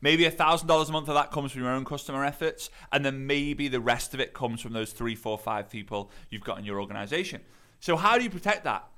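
A male podcast host talks casually to his listeners, drifting into stories and back to his point. His voice sits at an ordinary middle pitch, and his delivery is loose and conversational, with plenty of fillers and restarts. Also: fast, bright, forceful tone. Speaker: podcast host, network marketing coach.

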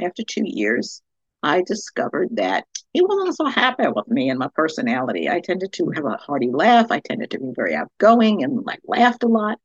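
A woman's voice: lowish voice, breathy edge, dry recording, dull audio. A middle-aged woman hosting a devotional podcast, telling a personal story and offering faith encouragement. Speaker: podcast host. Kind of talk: devotional monologue.

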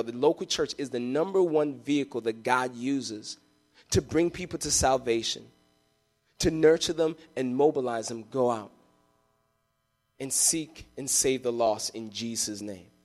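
A man's voice: medium pitch, a little slow, faint music behind. A man preaching a live sermon in a church, passionate and emphatic, telling vivid stories to his congregation. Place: church sanctuary.

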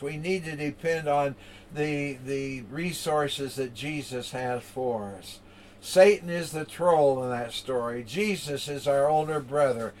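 Older male preacher, folksy storyteller, halting with fillers, slightly high pitch. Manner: folksy, repeats words, frequent uh fillers.

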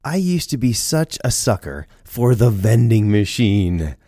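A man's voice: fairly low pitch, sing-song, a little slow, background noise. A man hosting a podcast, telling stories in a playful, chatty way with jokey asides. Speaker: podcast host. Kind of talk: storytelling podcast monologue.

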